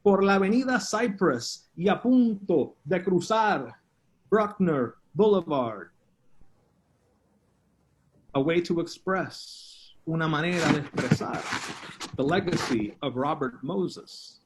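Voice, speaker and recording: A man reading a poem he is improvising, switching languages line by line to translate himself, in halting, drawn-out phrases. He walks around his house and speaks into a phone. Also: fairly high pitch, animated, slight background noise. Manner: switches back and forth between two languages line by line, self-translating. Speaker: poet. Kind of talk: improvised bilingual poetry reading. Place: at home, walking around the house.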